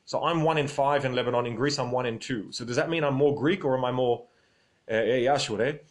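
An Australian man talks casually into his phone on a livestream. He rambles from one point to the next and reads out viewer comments as they come in. His voice sits in an ordinary middle pitch for a man. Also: fast.

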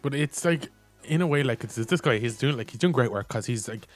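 A young Irish man chatting casually as a podcast co-host, telling a story in a rambling, animated way full of fillers. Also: medium pitch, brisk, faint music behind. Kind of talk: casual chat.

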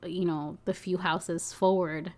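A woman's voice: lowish voice, steady tone, slow, a little mellow. Chatty woman telling a story with lots of "like". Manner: chatty, lots of "like" and "you know", swears, laughs often. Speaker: package delivery driver. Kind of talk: casual storytelling chat.

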